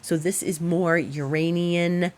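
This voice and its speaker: A middle-aged woman astrologer hosting her show, telling an animated, chatty story and laughing often before giving her forecast. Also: lowish voice, slow pace. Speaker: astrologer host.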